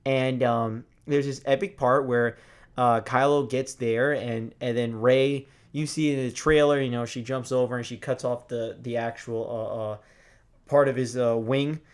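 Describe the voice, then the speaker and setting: A young man giving a casual movie review, excited and profane, rambling with lots of restarts. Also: medium pitch, measured pace.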